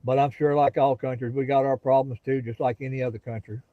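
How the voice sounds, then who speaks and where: A man's voice: medium pitch, fast talker, no room sound, narrow, tinny audio. A middle-aged man from the Gulf Coast of Florida with a Southern drawl, chatting casually and folksily with viewers on a phone livestream outdoors. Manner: relaxed, folksy, talks straight to viewers. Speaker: livestream host. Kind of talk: casual live-stream chat with viewers. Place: outdoors near a pasture.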